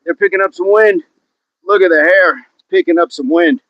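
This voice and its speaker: A man's voice: sits high, moderate pace, no echo, highs cut off. A man hosting a casual fitness livestream outdoors, upbeat, reading out viewer comments and joking around while he exercises. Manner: upbeat, reads viewer comments aloud and jokes about accents. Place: outdoors in wind.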